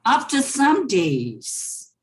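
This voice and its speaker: Brief: female teacher, online class, patient storytelling, repeats every line, very slow pace. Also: on the high side, huge pitch swings. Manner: slow, repeats each sentence and explains words. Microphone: online class microphone.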